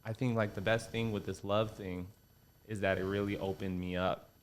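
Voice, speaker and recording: A young man, a comedian guest on a podcast, talking casually and swearing often, lively when he quotes people. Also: on the low side, moderate pace, slight background noise. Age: young adult. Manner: relaxed, swears a lot, animated quoting voices.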